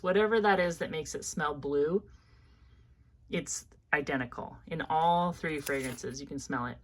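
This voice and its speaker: A woman's voice: sits low, measured pace, noisy background. Chatty Midwestern woman reviewing perfumes. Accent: Midwestern American. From American Midwest. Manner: chatty, thinking aloud, lots of fillers. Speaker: fragrance reviewer. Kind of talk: casual product review.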